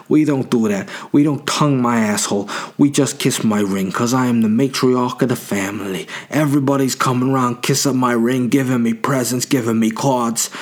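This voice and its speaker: A man's voice: a little high, darkish tone, pitched above the performer's own voice, lightly acted. A man voicing a domineering, middle-aged mafia-boss mother with an exaggerated mock-Italian drawl.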